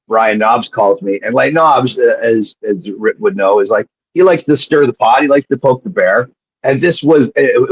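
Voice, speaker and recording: A low-voiced, husky man spins rambling, profane stories as a guest. His voice sits low and rough. The audio is dull, dry and lo-fi. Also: no room sound. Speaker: guest, former wrestler. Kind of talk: casual storytelling.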